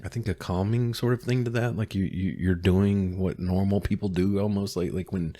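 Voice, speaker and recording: A middle-aged man with a very deep, low voice chats casually as a podcast co-host. He talks haltingly, restarting sentences and leaning on fillers. The sound is dry and close, with no room around it. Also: fairly even intonation, dark tone, no room sound. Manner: hesitant, many restarts and fillers. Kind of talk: casual chat.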